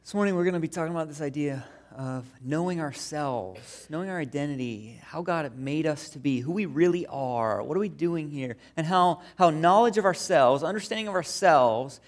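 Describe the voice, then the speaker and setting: A man preaching a sermon as pastor, conversational and telling stories. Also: a little high. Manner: conversational, storytelling with acted-out quotes.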